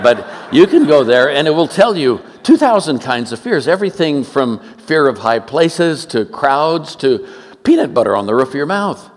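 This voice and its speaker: A man in his seventies from Oakland, California, preaching a sermon with humorous stories, joking and animated, with quick asides. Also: fairly high pitch, long reverb tail. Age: 70s.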